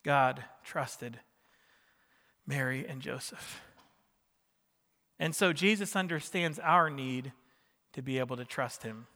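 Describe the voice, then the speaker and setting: In a large hall, a pastor with a medium-pitched voice, pushed and bright, preaches slowly with frequent pauses. He keeps it casual, cracking jokes and asking the congregation questions throughout his sermon.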